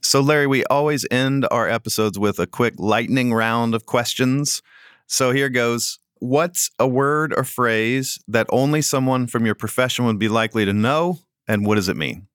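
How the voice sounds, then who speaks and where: A man's voice: mid-range voice, moderate pace, fairly bright tone, clear, resonant tone, no echo, studio quality. A man hosting an interview, asking light, curious questions. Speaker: podcast host.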